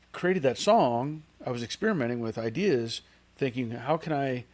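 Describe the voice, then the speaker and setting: A man's voice: medium pitch, darkish tone. A middle-aged man hosting a car channel livestream in casual, rambling chat, reading out viewer comments.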